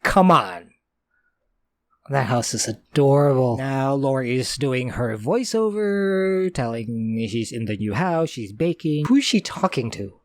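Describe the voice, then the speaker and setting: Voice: mid-range voice, expressive, measured pace, no room sound. A host recapping a horror film as it plays, with sarcastic asides. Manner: narrates the scenes on screen with sarcastic asides. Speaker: movie reaction host. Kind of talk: casual movie reaction commentary.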